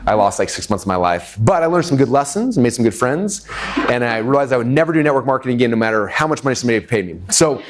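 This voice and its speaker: A middle-aged man telling a long personal story to a live audience, animated, with many fillers and acted-out quotes. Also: medium pitch, fast talker. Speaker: webinar speaker. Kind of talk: energetic storytelling talk.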